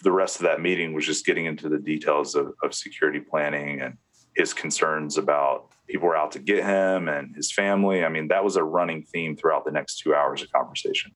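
A man's voice: extremely low pitch, fairly even intonation, brisk, a bit bright. A man, a former head of security, being interviewed and recounting meetings at length, with fillers and restarts. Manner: retells conversations in quoted speech, with restarts and fillers. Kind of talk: telling a story in an interview.

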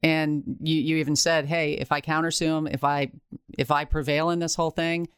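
A woman's voice: low-pitched, flat delivery, a little fast, clear, resonant tone, no room sound, clean studio sound. A woman hosting an interview who asks probing follow-up questions. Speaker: host, interviewer. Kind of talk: interview conversation.

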